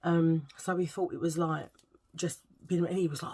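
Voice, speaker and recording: A woman's voice: lowish voice, normal speed, darkish tone, slightly rough. A middle-aged woman, telling a rambling story in a casual vlog chat and searching for words as she goes. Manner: rambling, chatty, searches for words, eats while talking. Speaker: vlogger.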